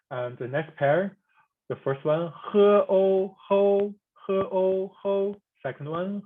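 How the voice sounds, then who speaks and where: A language instructor giving a recorded pronunciation lesson, sounding out each syllable slowly and repeating it, with reassuring asides to learners. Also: mid-range voice. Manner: slow, deliberate, spells out each syllable and repeats it; reassuring, informal teacher asides. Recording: tinny phone-like audio.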